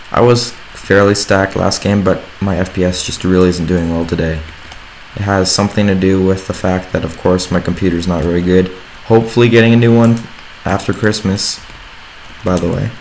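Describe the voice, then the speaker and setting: Brief: young male gaming commentator, very low voice, loose rambling jokes, faint room ambience. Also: a little mellow, slight background noise, rough recording. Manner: rambling, jokey, laughs often. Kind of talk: casual gameplay commentary.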